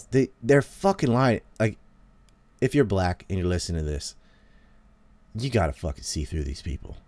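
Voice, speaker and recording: A man rants heatedly to his listeners, swearing freely and mocking with sarcasm. His voice sits fairly low, and the sound is dry and close with no room echo. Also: expressive, normal speed, a little mellow. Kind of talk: casual ranting monologue.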